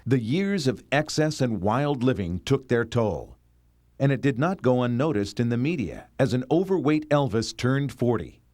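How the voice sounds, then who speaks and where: Lively male documentary narrator, dry sound. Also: mid-range voice, moderate pace, dry recording.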